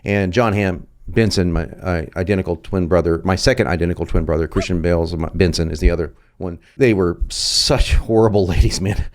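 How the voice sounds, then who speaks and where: A man's voice: low voice, brisk, few pauses. A man hosting a copywriting video lesson, talking in a jokey, playful and emphatic way. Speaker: host.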